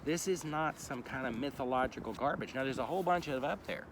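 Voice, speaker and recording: A man's voice: mid-range voice, quick pace. A man preaching informally outdoors, blunt, profane and emphatic. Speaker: street preacher. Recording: loud traffic noise outdoors.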